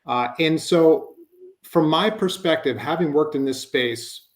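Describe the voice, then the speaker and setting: A man's voice: a little high, a little slow. A man giving a conversational webinar presentation, explaining with frequent fillers like "you know" and "um.".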